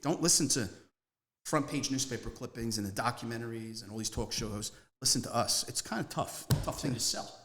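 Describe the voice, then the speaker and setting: A man, speaking at a mid-range pitch for a man. He tells his story as a guest in a loose, rambling way, leaning hard on key words and hopping from one anecdote to the next. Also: brisk, fairly bright tone. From Northeast Philadelphia. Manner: rambling, emphatic, jumps between stories. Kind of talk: casual storytelling interview.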